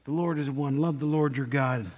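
A man preaches in a loose, conversational way, joking and putting questions to his congregation. His voice sits a little high for a man. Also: fairly even intonation, moderate pace, darkish tone. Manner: chatty, jokes and asks the congregation questions. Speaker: pastor. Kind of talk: conversational sermon.

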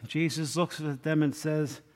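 A man preaches in a loose, conversational way, joking and putting questions to his congregation. His voice sits a little high for a man. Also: fairly even intonation, unhurried. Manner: chatty, jokes and asks the congregation questions. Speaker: pastor. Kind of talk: conversational sermon.

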